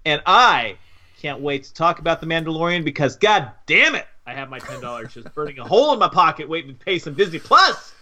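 Playful, bright-voiced male co-host. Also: a little high, big pitch swings, brisk. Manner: playful, mock-grand, teasing. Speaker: podcast co-host. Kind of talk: casual podcast banter.

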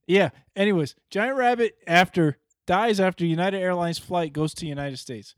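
A man co-hosting a comedy podcast, cracking profane jokes and quick quips. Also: high voice, dry recording, clean studio sound. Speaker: podcast co-host.

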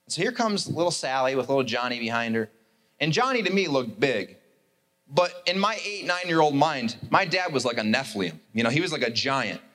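A man's voice: medium pitch, big pitch swings, fairly quick, sharp tone. A male pastor preaching a sermon, telling a story with animation and acting out the characters.

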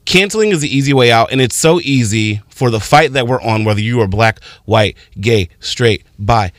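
Impassioned radio co-host, dry studio sound. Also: male voice, mid-range voice, moderate pace, fairly bright tone, dry recording. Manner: impassioned, rambling with restarts. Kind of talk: casual radio chat.

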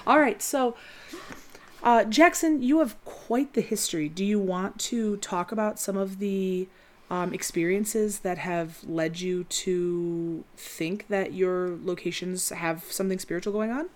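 A woman's voice: mid-range voice, slow pace. A woman co-hosting a podcast from West Michigan, chatty and self-deprecating, laughing as she rambles. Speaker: podcast co-host. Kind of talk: casual chat.

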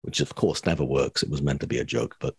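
Gravelly, husky man, very deep. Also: fast, darkish tone, no echo. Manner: rambling, self-mocking, wry. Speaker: podcast co-host. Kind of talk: casual chat.

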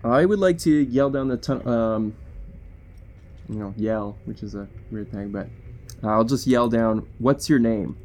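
A man's voice: on the low side, unhurried, a little mellow. A man playing a tabletop game, chatting casually and playfully with a somewhat hesitant manner. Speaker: player.

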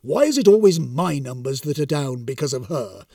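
A man's voice: medium pitch, expressive, moderate pace, gravelly, dark tone, no room sound, clean studio sound, far from the mic. A man voicing a put-upon male Grim Reaper spirit who complains in an indignant, plaintive way. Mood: despairing.

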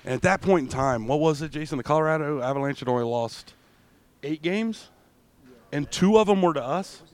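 A man co-hosting a casual podcast, telling a rowdy, profane story and breaking into loud outbursts. He sounds drunk. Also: fairly high pitch, expressive, brisk, dry recording. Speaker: podcast co-host. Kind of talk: casual chat.

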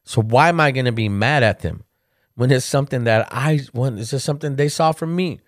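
A man's voice: mid-range voice, brisk, no echo, clean studio sound. A man hosting a podcast, talking candidly and casually as he tells family stories, often adding "man". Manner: candid storyteller who keeps saying "man"; animated when retelling funny family stories. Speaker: podcast host. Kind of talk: casual monologue.

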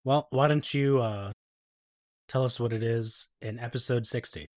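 A man's voice: mid-range voice, moderate pace. A man co-hosting a podcast, making joking, wry asides in casual banter. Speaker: podcast co-host.

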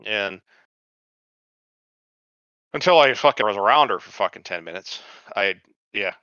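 A man's voice: on the low side, unhurried, dry recording, dull audio. A man co-hosting a podcast, bluntly retelling and mocking scenes from a TV show with lots of swearing. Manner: blunt, profane, animated retelling. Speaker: podcast co-host. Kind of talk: profane casual chat about a TV show.

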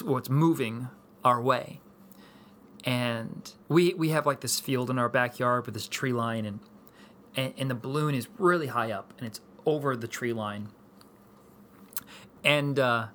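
A man in his thirties, a pastor, telling a personal story in a sermon, rambling with many restarts. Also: mid-range voice. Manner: rambling, repetitive restarts, animated.

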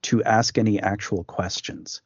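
A man's voice: lowish voice, steady tone, a little slow, slightly rough, no echo. A man co-hosting a podcast, chatting casually and explaining things in detail. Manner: knowledgeable, explaining. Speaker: podcast co-host. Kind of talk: casual chat. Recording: muffled lo-fi podcast audio.

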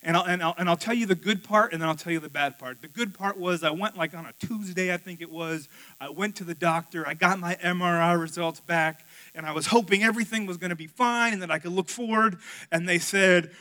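Bright-voiced pastor preaching a candid sermon. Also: male voice, sits high, brisk. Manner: candid storytelling, swings from loud to hushed.

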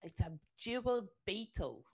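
A woman's voice: mid-range voice, big pitch swings, a little slow, gravelly, a little mellow, breathy edge. An Australian woman co-hosting a podcast, telling stories in a chatty way with frequent laughter and restarts. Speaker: podcast co-host. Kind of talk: casual chat.

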